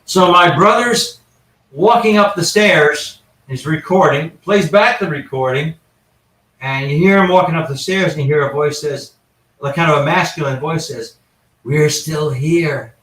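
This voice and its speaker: A man's voice: on the high side, moderate pace, fairly bright tone. A man, a paranormal investigator, telling anecdotes in a casual, rambling way with frequent restarts and asides. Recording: echoey room, far from the mic.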